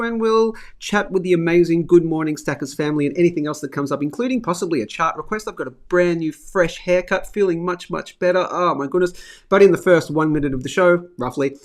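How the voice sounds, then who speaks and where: A middle-aged man with an Australian accent, hosting a live finance show in a chatty, upbeat way and reading viewer comments aloud. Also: sits high. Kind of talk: casual live-stream chat.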